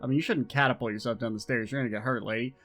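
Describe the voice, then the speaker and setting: A man's voice: mid-range voice, fairly even intonation, very fast, a bit bright, soft background music. Wry man reading a game aloud. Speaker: let's play host. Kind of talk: reading a visual novel aloud with commentary.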